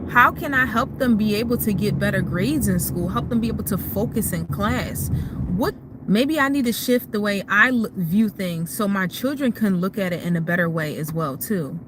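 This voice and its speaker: A woman speaks casually into her phone from a parked car, chatting with her live viewers about motherhood. Her talk is warm and openly emotional. Traffic noise and street ambience are clearly heard around her. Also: mid-range voice, moderate pace. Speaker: mom livestreaming advice to viewers.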